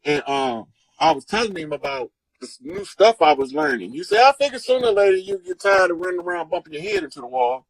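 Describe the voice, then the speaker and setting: A man telling stories in a casual chat, animated and profane, acting out the people he quotes. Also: on the high side, fast talker, few pauses, dry recording, rough recording. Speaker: guest storyteller. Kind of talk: casual storytelling.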